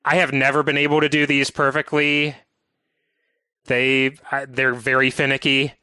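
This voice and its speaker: A man's voice: medium pitch, flat delivery, normal speed, bright, forceful tone, clear, resonant tone, no echo. A man hosting a podcast in casual chat, walking through a video game in careful detail. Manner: detailed, methodical game walkthrough talk. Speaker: podcast host.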